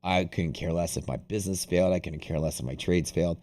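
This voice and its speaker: Hosting a live day-trading stream, this man talks fast in a low, mellow voice. His casual chat rambles, swears freely, and keeps restarting mid-thought.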